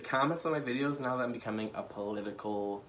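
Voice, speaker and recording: A man's voice: medium pitch, quick pace, a bit bright, a little hiss or hum. A young American man in a casual vlog, talking emotionally, laughing and fighting back tears, with lots of fillers. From United States. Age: young adult. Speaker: vlogger and political candidate.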